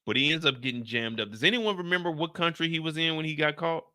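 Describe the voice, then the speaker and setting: A man hosting a live stream, recapping a TV episode in casual chat, animated and slangy and talking straight to his viewers. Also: a little high, fast, clean tone, dry recording, clean studio sound. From United States. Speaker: show host recapping a TV episode.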